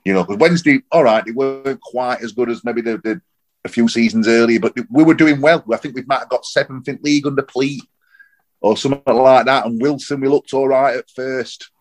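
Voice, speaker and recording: A man, rambling and animated in casual football chat on a podcast. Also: mid-range voice, a little fast. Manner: rambling, animated, repeats himself. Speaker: podcast co-host.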